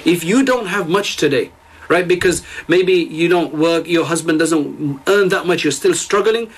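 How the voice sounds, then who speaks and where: A man's voice: a little high, a little slow, husky, poor audio. Earnest man retelling stories in a lesson. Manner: earnest retelling with frequent restarts; addresses listeners directly. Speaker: religious teacher. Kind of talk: storytelling religious lesson.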